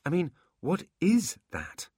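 A man voicing a naive young male demon who asks blunt, puzzled questions in a high, light voice. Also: huge pitch swings, moderate pace, slightly rough, no room sound, studio quality, heavily acted.

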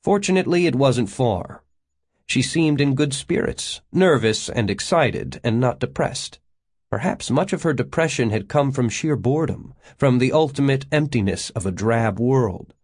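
A man narrating an audiobook in a steady, measured way. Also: mid-range voice, slightly rough. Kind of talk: audiobook reading.

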